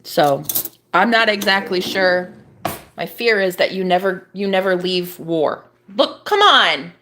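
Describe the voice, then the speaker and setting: A young woman vlogging in a casual, rambling chat, cursing freely and breaking into high, exclaiming rants. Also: expressive, unhurried, pushed and bright.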